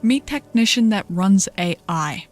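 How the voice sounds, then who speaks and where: A woman's voice: mid-range voice, expressive, a little slow, a little mellow, soft background music. A woman imitating a curt adult male eye technician who speaks in clipped, broken phrases. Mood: blunt.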